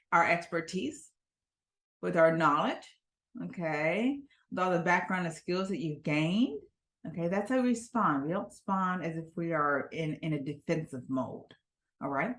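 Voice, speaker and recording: A woman's voice: on the low side, a bit bright. A woman from the United States, a public speaking coach, giving a motivational talk in an emphatic voice and often checking in with the listener. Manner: emphatic, checks in with frequent "okay?".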